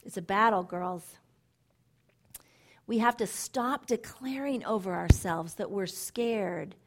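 A middle-aged woman giving sermon-style Bible teaching to women, animated and emphatic, repeating phrases and dropping into soft asides. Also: medium pitch, slow. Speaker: women's ministry speaker.

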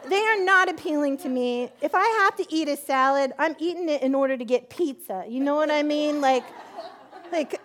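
Giving a personal testimony in church, a woman with a slightly high voice acts out both sides of her conversations with God. She frequently laughs at herself as she goes.

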